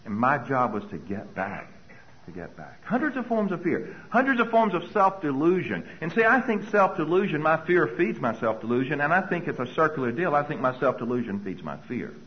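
A man's voice: on the high side, sing-song, a little fast, highs cut off, a little hiss or hum. A man speaking to an audience, telling personal stories and acting out his own anxious thoughts. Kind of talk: storytelling talk to an audience.

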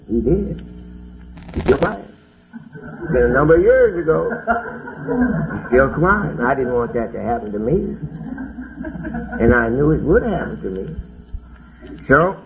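A man's voice: a little high, gravelly. A middle-aged man giving a plainspoken, folksy personal testimony talk, on a dull lo-fi recording with faint hiss. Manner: plainspoken, folksy storytelling with dialect grammar.

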